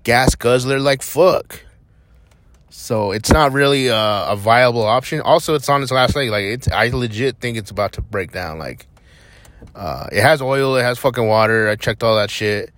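A young man from New Mexico rambles casually on his own podcast, blunt and full of swearing. His voice sits at an ordinary pitch. He records from inside a parked vehicle, and the sound is close and dry. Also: normal speed, fairly bright tone, no room sound. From Albuquerque, New Mexico. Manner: profane, blunt and defiant. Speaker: podcast host.

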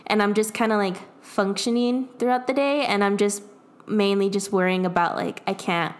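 A woman's voice: mid-range voice, fairly even intonation, moderate pace. A young adult woman in casual chat, telling a personal story in a rambling way, full of fillers and laughs. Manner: rambling, lots of "like", laughs often.

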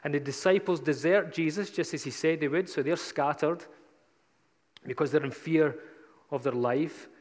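A man's voice: fairly high pitch, moderate pace, long reverb tail. A man preaching a sermon, retelling scripture in a casual, conversational storytelling way.

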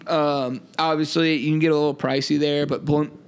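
Young male podcast co-host, gravelly and a touch high, relaxed banter with frequent fillers. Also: normal speed. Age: young adult. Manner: laid-back, filler-heavy, joking. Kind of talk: casual chat.

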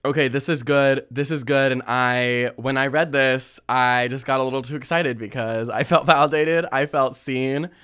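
A young man hosting a casual chat, reading listener stories and telling his own with lively slang and frequent laughter. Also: mid-range voice, normal speed, few pauses, clear, resonant tone. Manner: animated, laughs often, chatty slang. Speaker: podcast host.

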